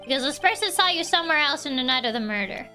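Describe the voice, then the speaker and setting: An earnest young lawyer grills a witness in a courtroom game, voiced high and bright with a lively, swinging pitch by a woman reading his lines. His tone stays firm and accusing. Soft music plays behind him. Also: fast. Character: young male defense lawyer, earnest and pressing.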